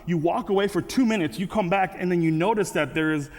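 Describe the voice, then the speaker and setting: A man's voice: sits high, quick pace. A man giving a casual, conversational sermon with frequent restarts and asides. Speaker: guest speaker. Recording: reverberant hall.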